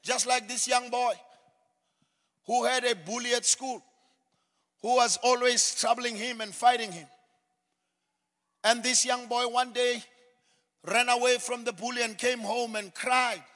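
A man preaching a sermon in a dramatic style, acting out scenes and building to shouted refrains. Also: very high-pitched, steady tone, a little slow, long pauses. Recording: long hall reverb.

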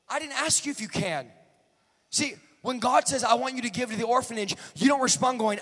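A man with a very high voice preaches a sermon in a large church. He jokes with the congregation, then builds into shouted, rhythmic calls. His voice rings with a long reverb. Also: fairly quick. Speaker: guest preacher.

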